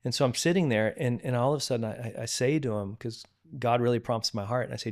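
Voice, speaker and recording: A middle-aged male pastor, appearing as a podcast guest, gives a candid, earnest testimony about forgiveness from his own life, frequently restarting and repeating words. His mid-range voice has a darkish tone, and he talks quickly with hardly any pauses.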